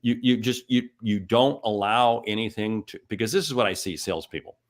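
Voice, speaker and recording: A man's voice: lowish voice, brisk. A man hosting a sales podcast, enthusiastic, and he repeats phrases for emphasis. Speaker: podcast host. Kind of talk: interview hosting.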